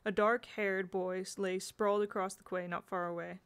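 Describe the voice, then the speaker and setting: Female narrator, casual storybook reading, mid pitch, slips now and then. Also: little pitch movement, moderate pace, a bit bright, smooth. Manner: unpolished, occasional slips and restarts. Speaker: audiobook reader.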